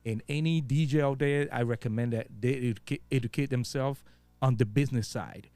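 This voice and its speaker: A man speaking a little fast, in a mid-range, darkish voice, chats as a guest DJ with a Virgin Islands accent. The interview is casual and laid-back, loaded with street slang, fillers, and plenty of cursing, and there's no echo.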